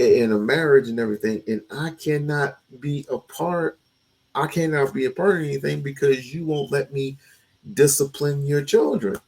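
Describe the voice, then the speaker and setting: Husky gravelly man asking quick questions. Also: mid-range voice, a little mellow, rough recording. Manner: quick questions, repeats and restarts. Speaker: talk show host. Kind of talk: casual debate chat.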